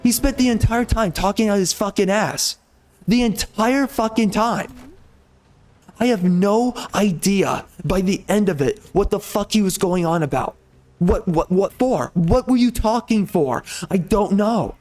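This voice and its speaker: High-voiced man in an angry, profane rant. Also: a little slow, darkish tone. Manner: furious, swearing constantly, repetitive; mocks others in a put-on sugary tone. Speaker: gaming streamer.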